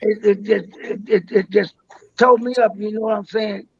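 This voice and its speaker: A man's voice: high voice, steady tone, normal speed, creaky, breathy edge, muffled recording. An older man telling long stories as a guest on a live interview, rambling and restarting his words.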